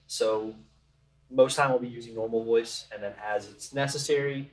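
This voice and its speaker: A man who plays tabletop games, explaining things in a relaxed, rambling casual chat. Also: mid-range voice, moderate pace. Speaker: tabletop game player. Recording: roomy and distant from mic.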